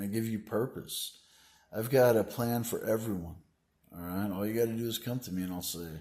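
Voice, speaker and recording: A man's voice: fairly low pitch, a little mellow. A man talking in a rambling, grandiose monologue, filling his sentences with "you know" and "like" and preaching about his plans. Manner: meandering, full of "you know" and "like" fillers. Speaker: vlogger.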